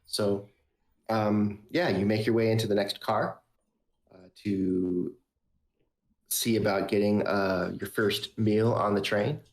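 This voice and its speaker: A man running a tabletop game as game master, relaxed, with lots of fillers. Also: lowish voice, slow.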